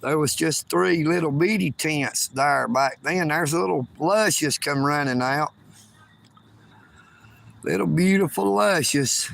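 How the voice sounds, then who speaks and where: Brief: a folksy man streaming outdoors, slow, gravelly, with traffic noise. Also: a little high, fairly bright tone, rough recording. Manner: folksy, greets viewers by name. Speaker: livestream host. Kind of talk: casual outdoor live-stream chat. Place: outdoors near railroad tracks.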